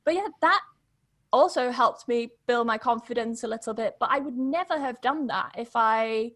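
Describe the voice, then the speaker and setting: A young woman, a podcast guest telling her story in a chatty, quick way and laughing often. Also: a little high, a bit bright, dry recording, studio quality. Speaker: podcast guest, English pronunciation teacher. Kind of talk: casual storytelling interview.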